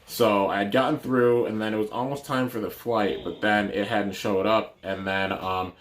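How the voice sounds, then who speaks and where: Low-voiced man telling a story. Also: fairly even intonation, moderate pace. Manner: rambling, many fillers and restarts. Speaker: YouTuber. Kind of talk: casual storytelling.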